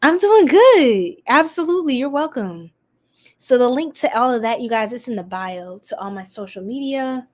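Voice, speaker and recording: Sassy, higher-voiced woman streaming tarot. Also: normal speed. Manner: chatty and sassy, greets viewers in the chat; animated, exclaims often. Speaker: tarot reader hosting a live stream. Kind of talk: casual live-stream tarot reading.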